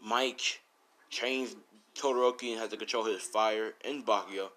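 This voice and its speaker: A man's voice: fairly low pitch, fairly even intonation, normal speed, bright, forceful tone. Rambling casual male storyteller. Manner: rambling, casual, full of fillers. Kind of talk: improvised fan story narration.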